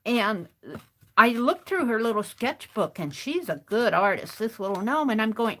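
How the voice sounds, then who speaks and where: A woman hosts an art stream, telling a long story as she tears page edges. Her voice sits a little high, and she talks in a rambling, chatty way with frequent restarts. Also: lively intonation, normal speed, a bit bright. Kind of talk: casual storytelling while crafting.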